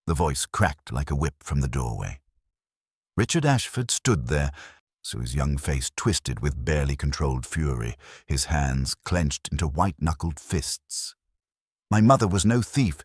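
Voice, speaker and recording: A man narrating a mystery in a dramatic storytelling way. His voice is extremely low with a husky grain, and his pitch moves in a lively way. The recording is close and dry. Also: measured pace, dry recording.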